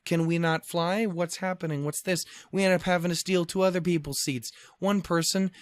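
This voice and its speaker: A young man rants through a travel story on his own podcast, swearing freely and restarting his sentences. His voice sits a little high for a man, and the recording is close and dry, with no room sound. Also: fairly even intonation, moderate pace, no room sound. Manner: profane, exasperated storytelling with many restarts. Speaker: podcast host. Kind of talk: solo podcast ranting.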